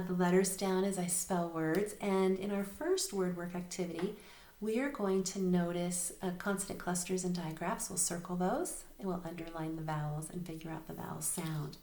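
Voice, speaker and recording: A woman teacher giving a recorded reading lesson, patient and clear, spelling words slowly letter by letter. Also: fairly low pitch, a little mellow. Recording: roomy echo.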